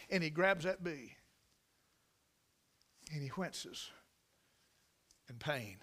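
A man preaching a sermon through a dramatic story, swinging between loud outbursts and hushed passages. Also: a little high, expressive, very slow, long pauses.

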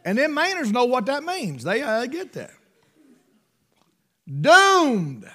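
A preacher man in the middle of his sermon, his voice pitched high for a man and leaping all over the place. He swings from loud, fervent bursts down to hushed asides. He sounds middle-aged. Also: huge pitch swings, moderate pace.

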